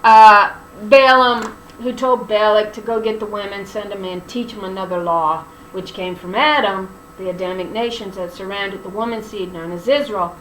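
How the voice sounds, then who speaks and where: A woman's voice: medium pitch, normal speed, few pauses, a bit bright. A woman teaching scripture in an emphatic preaching style, mixing colloquial, sarcastic asides into her reading. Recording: echoey room with faint hum.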